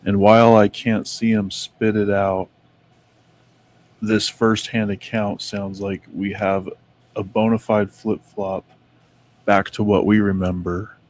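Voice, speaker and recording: Low-pitched guy reading out notes on a chatty stream, stumbles a bit on names. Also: level tone, slow pace. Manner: reads aloud with stumbles over names. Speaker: co-host reading Mandela effect notes. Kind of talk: casual chat.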